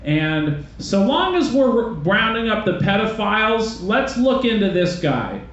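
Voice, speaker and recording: A male stand-up comic with a fairly high voice, rambling through his set in a profane, self-deprecating way. He speaks into a handheld stage mic. The sound is muffled and bounces around a very echoey club, with faint noise behind it. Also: big pitch swings, a little slow, a bit bright. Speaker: stand-up comedian.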